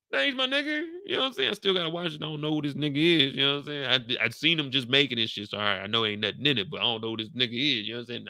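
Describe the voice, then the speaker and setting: A man riffs through a casual after-show commentary, joking and slangy. His voice is gravelly and bright with a forceful edge, and it sounds close and dry. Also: medium pitch, no room sound.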